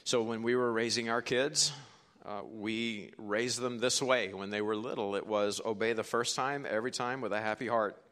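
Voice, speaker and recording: Bright-voiced, lowish middle-aged male pastor. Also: fairly even intonation, normal speed. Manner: storytelling, quoting others, swings from hushed to forceful. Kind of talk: sermon.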